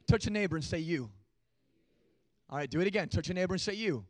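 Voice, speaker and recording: A young male pastor with a high voice preaches to his congregation. He delivers the sermon in an animated way, teasing the listeners and then rising to shouted emphasis. The sound is dry and close to the mic. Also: a little fast, dry recording. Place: church.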